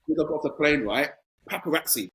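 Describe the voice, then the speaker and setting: A man's voice: fairly high pitch, expressive, quick pace, fairly bright tone, rough recording. A man in his forties, a podcast guest telling a casual anecdote with animation and acting out both sides of conversations.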